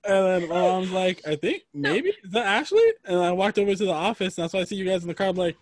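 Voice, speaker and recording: A young man telling his side of a story in casual chat, laughing and excitable. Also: high-pitched, quick pace. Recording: noisy casual recording.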